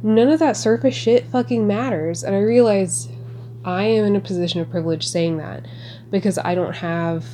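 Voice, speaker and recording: A woman talking casually as a podcast host, reacting excitedly and sarcastically to a movie with lots of swearing. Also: medium pitch, normal speed, slight background noise.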